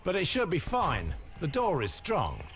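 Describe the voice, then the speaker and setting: A guard, with a high, lively voice. He reports briskly over faint music from the game. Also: heavily acted. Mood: reporting.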